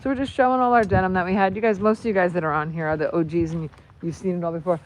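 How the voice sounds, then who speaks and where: A woman's voice: fairly low pitch, steady tone, rapid-fire, poor audio. A woman hosting a casual livestream, chatting in a rambling, self-joking way as she moves around her truck outdoors, filmed on a phone. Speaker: channel host. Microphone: phone camera.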